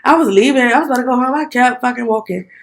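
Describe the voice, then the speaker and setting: A woman's voice: fairly high pitch, rapid-fire, gravelly. Blunt young woman podcast co-host. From DMV area, US. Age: young adult. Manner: blunt, profane storytelling. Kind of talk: casual chat.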